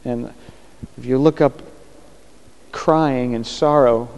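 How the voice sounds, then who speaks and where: A man preaching a sermon in short, emphatic phrases, pausing for an interpreter. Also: medium pitch, steady tone, gravelly, darkish tone, clean tone. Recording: long hall reverb.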